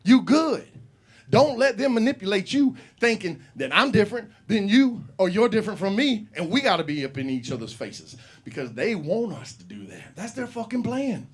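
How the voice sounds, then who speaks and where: A man hosts a live open mic comedy show, talking to the crowd with loose, profane storytelling. His voice sits high and swings widely up and down as he riffs. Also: normal speed, breathy edge. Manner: profane, rambling, animated storytelling. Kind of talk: stand-up comedy hosting. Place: comedy club. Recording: live room with audience.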